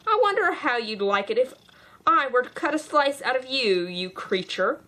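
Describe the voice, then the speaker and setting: A woman's voice: high-pitched, very animated, moderate pace, pushed and bright, voice pushed up, heavily acted, low-quality recording. A woman voicing an indignant talking pudding with a thick voice in an audiobook reading. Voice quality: thick, suety voice.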